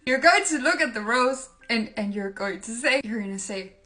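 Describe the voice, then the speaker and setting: A woman's voice: a little high, bright, forceful tone. A woman giving a comedic language tutorial, playful and often breaking into laughter. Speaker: language-tips creator.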